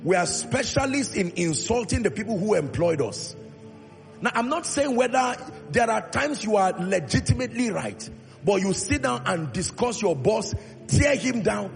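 Preaching with emphasis, a man who is a pastor voices the Bible's dialogue himself in a high-pitched, creaky, expressive voice at a moderate pace. A large hall gives the sound a long reverb, and faint music plays in the background.

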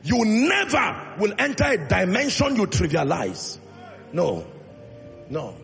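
Gravelly high-voiced guy preaching, swoops up and down a lot, big echoey hall with soft music under it. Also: huge pitch swings, slow. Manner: emphatic preaching, acting out Bible dialogue. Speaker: pastor. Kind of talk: sermon. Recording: long reverb in a large hall, faint music.

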